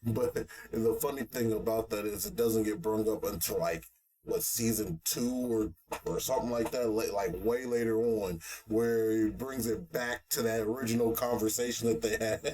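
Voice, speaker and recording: A man co-hosting a casual anime chat, animated and profane, laughing often. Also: on the low side, moderate pace. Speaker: podcast co-host.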